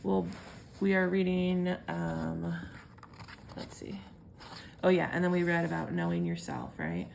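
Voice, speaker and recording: Gravelly-voiced homeschool mom. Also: female voice, lowish voice, measured pace, long pauses. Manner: relaxed, lightly sarcastic. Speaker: homeschooling parent and vlogger. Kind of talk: casual chat and reading aloud to kids. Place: home. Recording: audible background noise.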